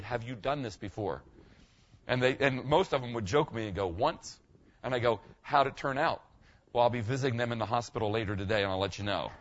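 Older guy pastor preaching, kinda high voice, chatty, keeps saying okay, gets loud at times, muffled lo-fi recording. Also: creaky. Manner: conversational, keeps asking the congregation "okay?", swings from quiet to shouting. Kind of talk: sermon. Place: church.

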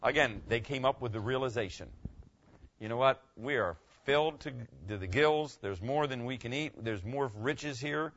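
A male pastor preaching a sermon, animated, swinging between loud bursts and hushed asides. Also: mid-range voice, moderate pace, dull audio.

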